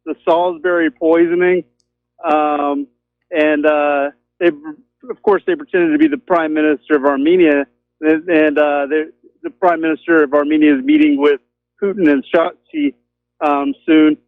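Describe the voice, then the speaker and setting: A man's voice: a little high, fairly even intonation, measured pace, no room sound. A man calling in to a talk show, rambling with lots of ums and you-knows. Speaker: caller. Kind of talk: casual call-in chat. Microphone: telephone. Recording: tinny phone line.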